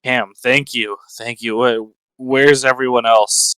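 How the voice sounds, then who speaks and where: A man's voice: medium pitch, fairly even intonation, takes it slowly, fairly bright tone, smooth, dry recording, rough recording. A man playing an agent in a tabletop game, joking and in character. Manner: joking, laughs easily. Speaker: player. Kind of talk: casual in-character role-play.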